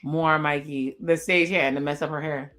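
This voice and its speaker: A woman hosting a reaction video, recapping a TV episode in a chatty, expressive way and reading character lines aloud. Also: low voice, moderate pace. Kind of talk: casual commentary recapping a TV episode.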